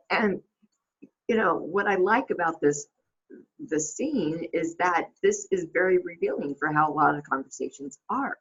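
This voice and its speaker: Give me a husky woman host thinking aloud in a rambling, casual monologue, slightly muffled audio. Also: lowish voice, lively intonation, moderate pace, a bit bright. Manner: rambling, with many fillers and restarts.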